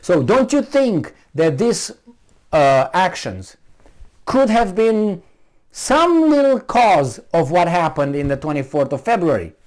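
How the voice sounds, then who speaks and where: Sarcastic, lively-voiced man ranting. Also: high-pitched, slow. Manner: sarcastic, mocking, heated. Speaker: political commentator. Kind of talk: ranting video commentary.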